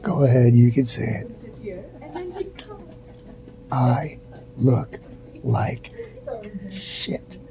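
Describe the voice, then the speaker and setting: A man's voice: slow, gravelly, poor audio. A middle-aged man filming a casual update from his hospital room while ill, sighing often and sometimes dropping to a whisper. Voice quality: soft, drifting into whispers. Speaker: vlogger. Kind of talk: casual self-filmed update. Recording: steady rumbling background noise. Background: low rumble.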